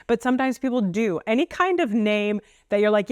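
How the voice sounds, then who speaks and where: A woman counsellor giving casual advice straight to camera, playful, with joking asides and slower stresses on key points. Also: a little high, sing-song, darkish tone, dry recording, studio quality.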